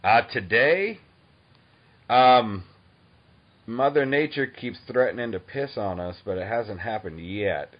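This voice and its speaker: A man in his thirties from Boston hosting a podcast, talking in an eager, excitable, fan-like way. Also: lowish voice, takes it slowly, long pauses, muffled recording. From Boston, Massachusetts. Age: 30s. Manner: eager, excitable, self-described dork. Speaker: podcast host. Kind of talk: casual interview chat.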